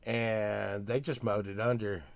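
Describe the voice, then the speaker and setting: Older podcast host, loose rambling talker who works himself up into loud rants. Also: male voice, lowish voice, little pitch movement, unhurried, creaky, no echo. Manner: rambling, grumbling, gets loud and worked up when ranting. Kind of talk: casual chat.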